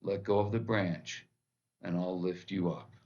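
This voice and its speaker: A man voicing God as a booming voice from above, speaking slowly and solemnly. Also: fairly even intonation, a little mellow, lo-fi sound.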